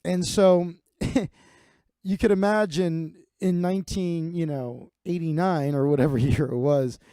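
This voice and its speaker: A man's voice: fairly high pitch, fairly even intonation, slow, dark tone, smooth, no echo. Rambling, profane man in his forties. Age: 40s. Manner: profane, rambling with many fillers and restarts. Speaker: comedian host. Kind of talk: rambling comic storytelling.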